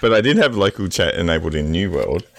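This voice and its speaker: A man's voice: deep voice, sing-song, quick pace, creaky. A man co-hosting a casual podcast, rambling and hesitant, chuckling as he goes. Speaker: podcast co-host.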